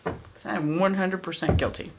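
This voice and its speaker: A woman's voice: lowish voice, fairly even intonation, normal speed, a little mellow. A woman doing a casual tarot card reading, chatty and blunt, who often repeats her phrases and swears freely. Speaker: tarot reader.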